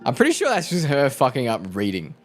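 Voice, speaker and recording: A man's voice: mid-range voice, huge pitch swings, fairly quick, soft background music. A young man live streaming, rambling, joking and swearing freely as he talks to his chat. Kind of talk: casual stream chat with viewers.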